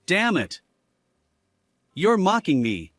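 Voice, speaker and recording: A man's voice: high-pitched, slow, no echo, clean studio sound, heavily acted. Man voicing a blustering cheating husband. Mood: angry. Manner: lively, swinging between angry and begging. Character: selfish unfaithful husband, pleading and blustering. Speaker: husband character. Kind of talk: dramatized story dialogue.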